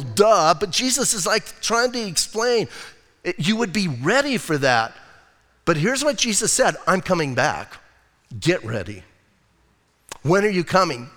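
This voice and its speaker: A man's voice: sits high, fairly bright tone, long reverb tail. A man preaching as pastor in a casual, joking, verse-by-verse sermon, often breaking in with "hey". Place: church sanctuary.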